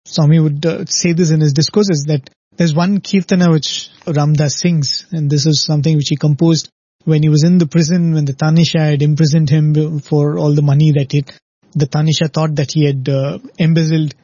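A man's voice: a little high, flat delivery, normal speed, dark tone, dry recording, dull audio. A man giving an earnest, reflective devotional discourse, often ending his points with "right?". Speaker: spiritual speaker.

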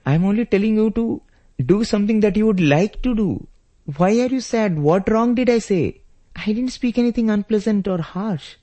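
A tender young prince with a gentle voice, lifted high above a man's usual register and asking soft, coaxing questions. A man puts him on while retelling the story. The tone stays mellow, with a husky edge underneath. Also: animated, moderate pace. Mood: gently puzzled. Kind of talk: storytelling in a spiritual discourse.

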